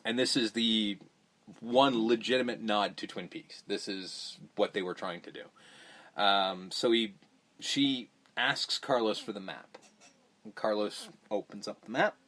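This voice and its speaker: A man's voice: fairly low pitch, a bit bright. A man casually recapping a horror movie on a podcast, swearing freely and acting out the characters' lines. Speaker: podcast host.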